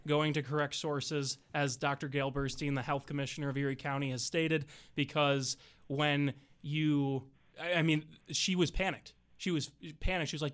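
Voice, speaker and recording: Level-voiced newsroom man, smooth tone. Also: fairly high pitch, little pitch movement, moderate pace, fairly bright tone. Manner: matter-of-fact, level. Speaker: newsroom staffer. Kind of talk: on-air news clarification.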